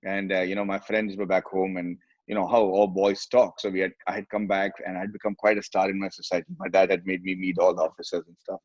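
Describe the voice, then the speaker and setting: A middle-aged man with an Indian English accent, telling animated stories in a casual chat and acting out the voices he quotes. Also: sits low, fast talker, no room sound, dull audio. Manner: animated, switches between English and Hindi, acts out quoted voices. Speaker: guest, film actor.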